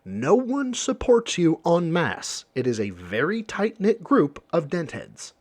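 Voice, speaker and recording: A man's voice: a little high, wildly swooping pitch, slow, a little mellow. A man giving blunt, sarcastic reaction commentary, lecturing with profanity.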